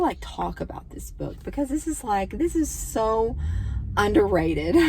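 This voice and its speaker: A woman's voice: mid-range voice, darkish tone, a little hiss or hum. A woman, chatting casually about books she read and gushing over them with lots of filler words. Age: 30s. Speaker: book vlogger and mother. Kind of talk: casual book review chat.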